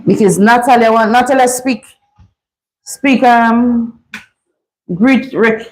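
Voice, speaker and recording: A woman's voice: fairly high pitch, slow pace, poor audio. A woman from St. Vincent with a Vincentian accent, chatting casually as host of a livestream. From St. Vincent and the Grenadines.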